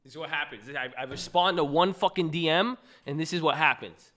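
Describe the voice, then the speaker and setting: Fairly high-pitched, bright, and forceful, a young Southern Californian streamer talks a little fast while reading viewer messages at his computer indoors. His casual chat is joking, slangy, and profane.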